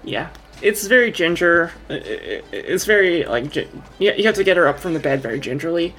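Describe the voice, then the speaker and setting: A woman's voice: on the low side, lively intonation, fairly quick, a bit bright. A woman narrating a tabletop game as game master, rambling and correcting herself as she goes.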